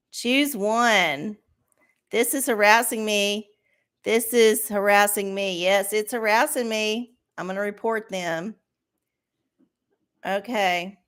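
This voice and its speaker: A woman's voice: medium pitch, a bit bright, clear, resonant tone. A woman hosting a casual livestream, ranting and swearing with a sarcastic edge. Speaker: livestream host.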